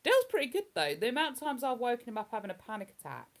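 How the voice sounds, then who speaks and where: A woman's voice: on the high side, wildly swooping pitch, rapid-fire. Chatty London-area woman live-streaming. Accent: London-area English. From England. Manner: chatty, rambling, reads out viewer comments. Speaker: livestream host. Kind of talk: casual live-stream chat.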